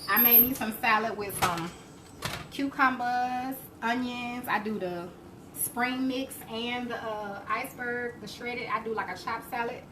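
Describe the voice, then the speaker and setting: A woman's voice: a little high, measured pace. Chatty woman hosting a cooking stream. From Alabama, US. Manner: chatty, laughs often, answers viewer comments. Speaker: cooking show host. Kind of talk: live-stream cooking chat. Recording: faint background noise.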